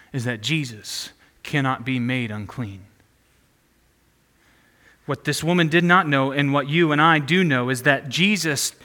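A man's voice: fairly high pitch, sharp tone, in a large hall. A man preaching a sermon as pastor, prompting the congregation to repeat phrases back to him.

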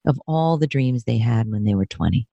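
A woman's voice: normal speed, creaky, no room sound, highs cut off. Emotional woman in her fifties, dry sound. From New York State, USA. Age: 50s. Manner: emotional, expressive, pitch rises when moved. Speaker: guest, therapist and career coach. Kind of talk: candid interview conversation.

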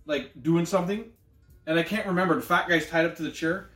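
A man hosting a casual movie review podcast, rambling and excitable. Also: a little high, fast talker, roomy sound, soft background music. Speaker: podcast host.

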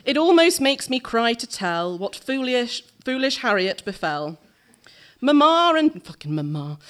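Playful, slow, lively woman reading verse. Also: fairly high pitch. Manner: lively, playful, laughing between lines. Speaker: performer reading a verse story. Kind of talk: live dramatic verse reading with jokey asides. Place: small theatre stage, live.

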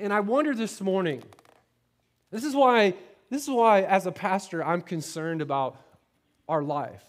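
A middle-aged man from Florida, a pastor preaching a sermon, telling a personal story in a conversational way, often repeating words and checking in with the congregation. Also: sits high. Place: church sanctuary.

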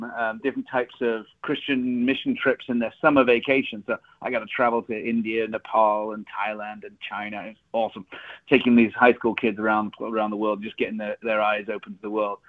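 An Englishman with a British accent telling his story as a podcast guest, chatty and laughing often. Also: medium pitch. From England. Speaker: guest, recruiting firm CEO. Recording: phone-like narrow line.

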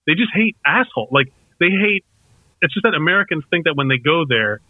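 A man's voice: fairly high pitch, animated, a little fast, no echo. A man chatting casually and rambling a little, swearing freely as he talks. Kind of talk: casual chat. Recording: tinny phone-like sound.

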